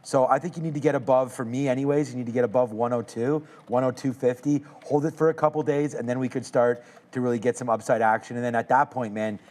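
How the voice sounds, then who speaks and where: A man hosting a live trading show, moving from teasing banter with a co-host into relaxed, thoughtful stock market commentary. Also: medium pitch, fast talker, few pauses. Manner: joking, teasing, then thoughtful analysis.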